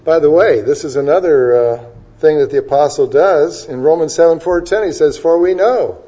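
Recorded with dull audio, this pastor has a fairly high, mellow, husky voice. He fires off rhetorical questions in his sermon, rising to emphatic peaks as he rattles off one scripture reference after another.

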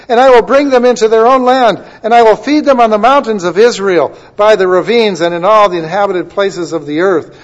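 High-voiced impassioned preacher man. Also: lo-fi sound. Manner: impassioned, builds to loud emphatic declaiming. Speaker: pastor. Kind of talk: sermon with scripture reading.

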